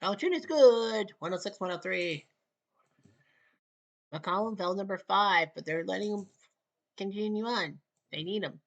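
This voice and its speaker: A woman from Canada gives casual solo play-by-play of a basketball video game. She speaks in short, clipped calls and adds wry asides. Her voice sits in an ordinary middle pitch for a woman. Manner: clipped, rapid calls, wry asides, rising excitement near the end. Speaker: play-by-play commentator.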